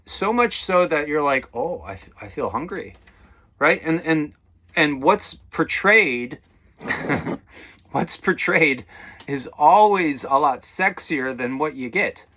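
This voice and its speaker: A man's voice: on the high side, lively intonation, slow, sharp tone. A man giving a casual spiritual talk to viewers, rambling and calling them guys. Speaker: spiritual teacher.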